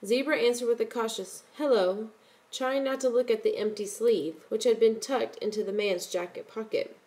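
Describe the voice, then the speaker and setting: A woman narrating a story in a steady, measured audiobook reading. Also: fairly high pitch, rough recording.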